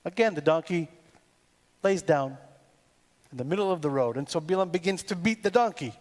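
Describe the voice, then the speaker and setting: A man preaching a sermon as cantor in a synagogue, with a deliberate delivery built on poetic repetition. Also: on the high side, animated. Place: synagogue sanctuary. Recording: long reverb in a large hall with faint music.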